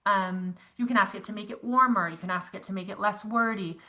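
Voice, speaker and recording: A woman's voice: mid-range voice, brisk, sharp tone. A woman yoga teacher leading a live online class, chatty and encouraging, reading out comments from the chat.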